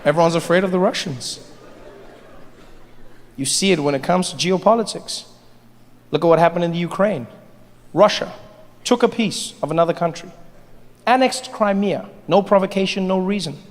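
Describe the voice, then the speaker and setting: A man doing a stand-up comedy set on a large theater stage, telling his story in an animated way, with sudden drops and jumps in his voice. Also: high-pitched, normal speed, pauses often. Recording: live show in a reverberant hall.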